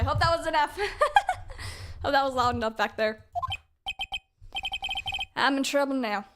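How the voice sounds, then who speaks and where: A woman's voice: high-pitched, big pitch swings, unhurried, pauses often, fairly bright tone. Chatty giggly woman streamer. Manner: chatty, giggly, reads dialogue aloud. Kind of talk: casual game playthrough commentary.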